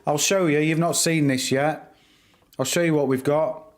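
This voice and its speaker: A man's voice: a little high, steady tone, moderate pace. A middle-aged man hosting a live stream, chatting casually and teasing his viewers by name. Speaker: livestream host.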